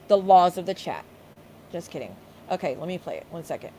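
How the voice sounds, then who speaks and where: A woman's voice: lowish voice, very animated, brisk, warm tone, slight background noise. A woman hosting a livestream, ranting angrily with heavy profanity and sarcastic mockery. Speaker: streamer host. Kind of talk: livestream rant.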